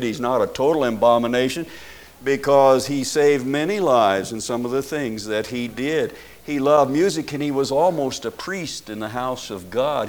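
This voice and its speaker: An older man preaching a sermon, pressing his points with loud rising stresses and rhetorical questions to the congregation. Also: mid-range voice. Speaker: pastor.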